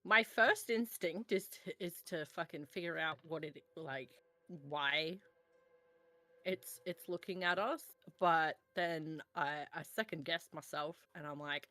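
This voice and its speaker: A woman playing in a tabletop horror game, reacting with loud swearing and laughter. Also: sits low, slow. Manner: expressive, swears and laughs often. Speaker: player. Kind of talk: casual tabletop game play.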